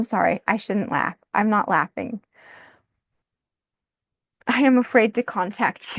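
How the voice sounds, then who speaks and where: A woman's voice: medium pitch, slow, gravelly, long pauses, dry recording. Woman, tarot reader, casual, thinks aloud, giggly, dry close sound. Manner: thinks aloud, laughs often and apologizes. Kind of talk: casual spoken tarot reading.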